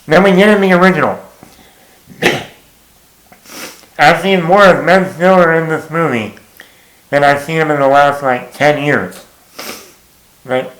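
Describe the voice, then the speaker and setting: A man reviews a film in a blunt, exasperated way and swears freely. His voice sits a little high for a man, and he talks slowly and unhurriedly. The room around him is noticeably echoey. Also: a bit bright. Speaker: movie reviewer. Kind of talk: casual spoken film review.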